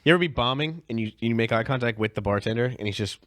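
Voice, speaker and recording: A man's voice: mid-range voice, rapid-fire, no echo, studio quality. A man, a stand-up comedian co-hosting a podcast, chiming in with emphatic, profane riffs in casual chat. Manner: animated and emphatic, swears, chimes in over his co-host.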